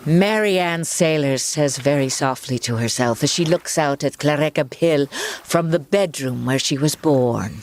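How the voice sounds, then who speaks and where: A performer reading narration in a radio drama with a lively, expressive delivery. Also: medium pitch, unhurried, slight background noise. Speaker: narrator and voice actor.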